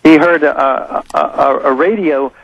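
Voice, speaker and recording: A man being interviewed as a guest on a talk radio show, speaking haltingly with many pauses and fillers. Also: fairly high pitch, vocal fry, no room sound, highs cut off.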